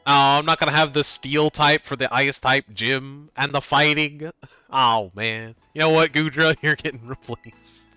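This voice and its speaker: A man streaming a video game, chatting casually, laughing often and reacting quickly, close on a desk mic. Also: medium pitch, steady tone, bright, forceful tone, smooth, no room sound, muffled recording, faint music behind. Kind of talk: casual gaming commentary.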